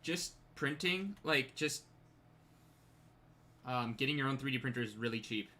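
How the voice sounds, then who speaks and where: A man's voice: mid-range voice, expressive, sharp tone. A man chatting casually while drawing on stream, rambling with lots of fillers. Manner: fast-talking, full of fillers. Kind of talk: casual chat.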